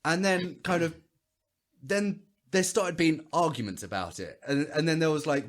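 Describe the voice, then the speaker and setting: A man's voice: a little high, moderate pace. A man in casual podcast chat, rambling and sweary, acting out what others said. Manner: rambling, sweary, mimics others in quoted voices. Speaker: podcast co-host.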